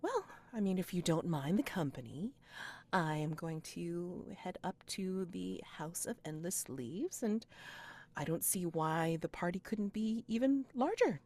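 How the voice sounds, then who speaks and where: A woman voicing a young, gracious noblewoman who talks brightly and sweetly. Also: lowish voice, lively intonation, unhurried, voice pushed up. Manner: bright, breezy and sugary.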